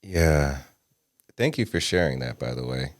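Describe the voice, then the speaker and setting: A man with a very deep voice hosts a podcast interview. He asks his questions gently and supportively. The recording is dry and close. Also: lively intonation, unhurried, no room sound. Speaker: podcast host.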